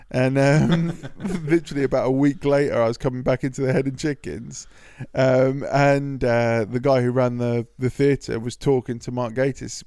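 A man's voice: mid-range voice, steady tone, moderate pace, few pauses, a little mellow, no room sound, studio quality. A young man co-hosting a podcast, telling rambling anecdotes full of fillers and swearing and acting out what people said. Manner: rambling anecdotes with lots of fillers and swearing, acts out quoted voices. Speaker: podcast co-host. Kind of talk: casual storytelling chat.

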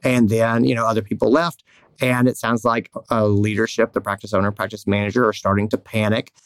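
A man's voice: lowish voice, brisk, clear, resonant tone, no room sound. Candid male podcast host, dry mic. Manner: candid, rambling, lively storytelling with acted quotes. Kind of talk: casual podcast chat.

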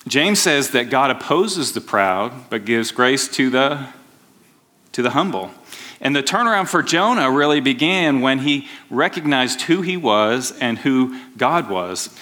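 A man delivering a sermon with a bright, forceful voice. He talks to the congregation casually and keeps restarting his phrases. His pitch sits in a middle range for a man. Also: animated, unhurried. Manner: conversational preaching with frequent restarts. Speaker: pastor.

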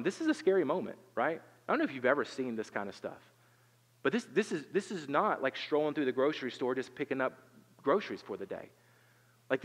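A man's voice: mid-range voice, long reverb tail. A man preaching a sermon, talking in an earnest, conversational way with rhetorical questions and frequent repeated words. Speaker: pastor.

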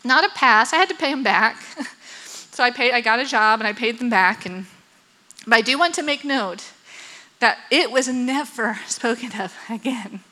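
A woman's voice: on the high side, moderate pace, bright, forceful tone, poor audio. A woman with children tells a personal story, acting out the quotes and laughing often. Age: adult with children. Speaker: speaker telling a personal story.

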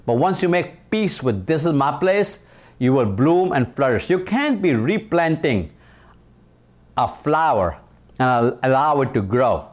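A man's voice: mid-range voice, very animated. Emphatic Indian man in his sixties. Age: 60s. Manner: emphatic, repeats key phrases, slows down for punch lines. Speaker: leadership speaker. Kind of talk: motivational talk.

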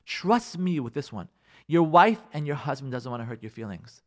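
A man's voice: mid-range voice, very animated, moderate pace. A man hosting a radio advice show, delivering a preachy monologue that repeats points for emphasis and acts out spouses' lines. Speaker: radio host giving marriage advice.

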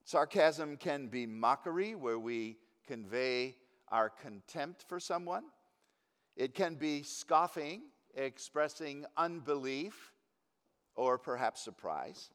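A man preaching a teaching sermon in a wry, unhurried way, chuckling at his own points. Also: on the high side, lively intonation, a bit bright, clear, resonant tone. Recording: long hall reverb.

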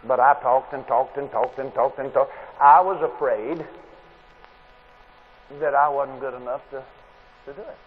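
A man's voice: mid-range voice, fairly even intonation, unhurried, pauses often. A man preaching a sermon at a convention, a folksy, plain-spoken storyteller. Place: convention hall. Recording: tinny lo-fi tape with faint hiss.

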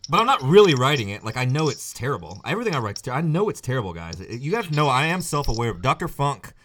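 Male podcast host, quick and animated, loud, rambling comic riffs. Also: medium pitch, a little hiss or hum. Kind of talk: comedic podcast banter.

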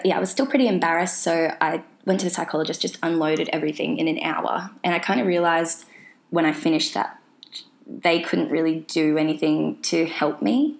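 Low, gravelly young woman rambling. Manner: rambling, full of fillers and restarts. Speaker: vlogger sharing her mental health story. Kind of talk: casual personal storytelling.

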